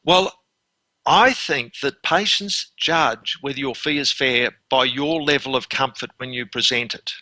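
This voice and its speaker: A man's voice: mid-range voice, a little slow, bright, forceful tone, no room sound. An Australian man in his fifties, a dentist guest telling earnest anecdotes with frequent restarts. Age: 50s. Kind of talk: conversational interview.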